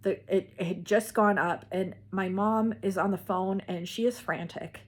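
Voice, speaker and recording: A woman's voice: medium pitch, steady tone, normal speed. A woman vlogger casually telling a personal story, rambling with many "like"s and restarts.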